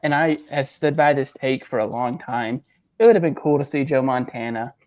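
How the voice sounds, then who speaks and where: A man's voice: medium pitch, dry recording. A man co-hosting a sports podcast, chatting casually and telling stories with acted-out quotes. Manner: animated storyteller, quick laughs, acts out quotes. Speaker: podcast co-host. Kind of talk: casual chat.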